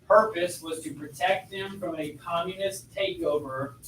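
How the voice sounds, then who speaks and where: A man's voice: on the high side, moderate pace, a bit bright, a little hiss or hum. A man teaching a history class in a chatty lecture style, asking his students questions as he goes. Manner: conversational, asks students questions. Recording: echoey classroom, voice from far off.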